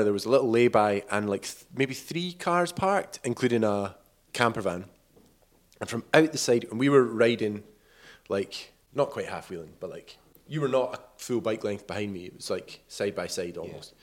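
A man telling a cycling trip story in a casual, animated way, acting out quotes and laughing often. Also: lowish voice. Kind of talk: casual storytelling over footage.

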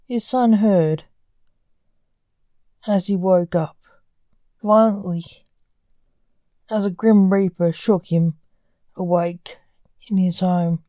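A woman narrating a dark story in a measured, deliberate reading style. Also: on the low side, steady tone, no echo.

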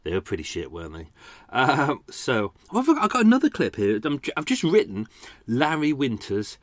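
A man's voice: medium pitch, wildly swooping pitch, normal speed, no echo. Rambling podcast host, man. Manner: rambling, self-deprecating, many fillers. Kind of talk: casual chat.

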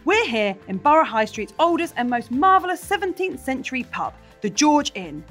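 A woman's voice: high voice, big pitch swings, moderate pace, fairly bright tone, faint music behind. A woman in her thirties co-hosting a podcast in an old pub, chatty and playful with frequent restarts. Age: 30s. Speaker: podcast co-host, comedian. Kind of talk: casual podcast chat.

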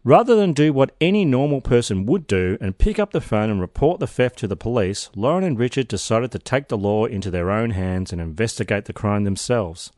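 A man's voice: on the low side, lively intonation, fairly quick, hardly any pauses, darkish tone, dry recording, clean studio sound. A man hosting a podcast, narrating a true crime case with wry, sardonic asides. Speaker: podcast host.

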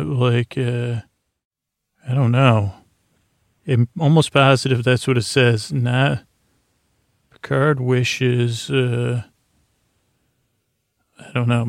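A man with a gravelly, creaky voice recaps a TV episode on his podcast in a loose, meandering way. His delivery stays flat and level, full of filler words, and the sound is close and dry. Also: mid-range voice, no echo. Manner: rambling, with many filler words. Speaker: podcast host.

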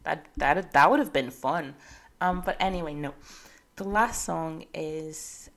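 A woman's voice: deep voice, unhurried, gravelly. A young woman hosting her own podcast in casual solo chat, rambling and correcting herself with many fillers. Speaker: podcast host.

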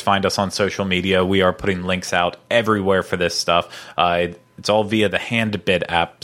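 A man's voice: deep voice, a bit bright. A man hosting a podcast in casual chat, rambling with lots of fillers and playful banter. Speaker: podcast host.

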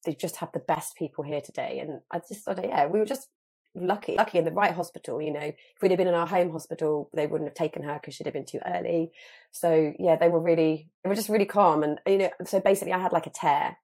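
Woman, 30s, guest, casual chat, lowish pitch, lots of fillers. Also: quick pace. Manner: chatty, animated storytelling with many fillers.

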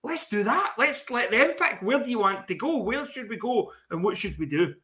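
A man's voice: very high voice, animated, normal speed, bright, forceful tone. A man co-hosting a podcast, talking in sweary, rambling banter. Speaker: podcast co-host. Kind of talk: casual chat.

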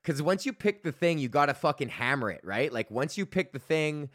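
A man's voice: on the high side, expressive, brisk, a bit bright, dry recording, clean studio sound. A man in his thirties hosting a podcast, rambling in a casual solo rant with heavy swearing and many fillers. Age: 30s. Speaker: podcast host.

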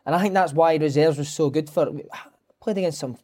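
Scottish ex-player in his thirties, quick-fire storyteller, slightly high voice. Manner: lively storyteller, breaks into shouted impressions and laughter. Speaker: former footballer, podcast guest. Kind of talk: casual chat.

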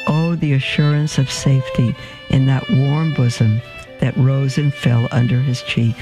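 A male radio host reading a story aloud in a measured, expressive way. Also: mid-range voice, music in the background.

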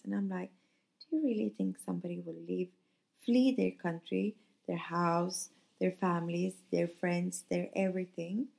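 A woman from northern Europe talks through a personal story on her podcast, earnest and heartfelt. Her voice is low-toned and mellow, with a gravelly fry and a husky edge. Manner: earnest, heartfelt retelling with acted-out quotes. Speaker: podcast host. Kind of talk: casual storytelling monologue.

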